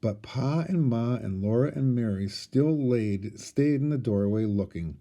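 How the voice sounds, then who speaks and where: Warm, mellow-voiced man reading aloud. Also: medium pitch, a little slow. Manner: expressive storytelling.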